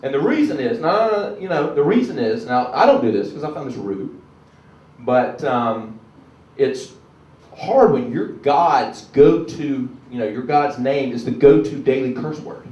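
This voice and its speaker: On a club stage, a South Carolina man with a Southern accent delivers a chatty, self-deprecating stand-up set, breaking into loud announcer voices now and then. His mid-range voice has lively intonation and a slightly slow pace. The lo-fi, echoey audio comes from a distant camera.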